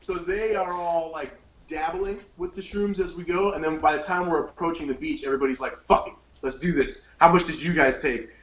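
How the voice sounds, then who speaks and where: High-voiced man telling a profane story. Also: roomy sound, poor audio. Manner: profane, animated, laughs through story. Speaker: podcast host. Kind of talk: casual storytelling.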